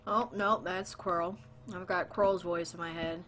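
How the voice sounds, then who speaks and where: A woman's voice: on the low side, fairly even intonation, normal speed, fairly bright tone, slight background noise. A woman streaming a video game and chatting playfully with her viewers, greeting them and joking along as she plays. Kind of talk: casual live-stream chat while gaming.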